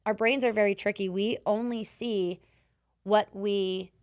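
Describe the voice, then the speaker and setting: Animated, swearing woman podcast host. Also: mid-range voice, measured pace. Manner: animated storyteller who swears and acts out quotes loudly. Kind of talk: casual chat, coaching advice.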